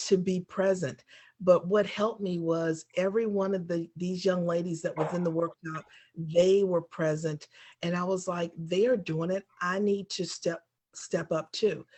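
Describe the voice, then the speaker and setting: A woman's voice: fairly low pitch, warm tone. Hesitant woman full of ums. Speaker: workshop participant. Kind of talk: casual sharing.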